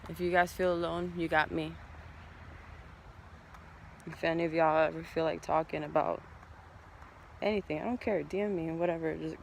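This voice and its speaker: High-voiced gravelly man, rambling and heartfelt. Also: level tone, normal speed, long pauses, slight background noise. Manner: rambling, heartfelt, swears casually. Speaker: tarot reader. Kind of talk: casual spiritual vlog talk.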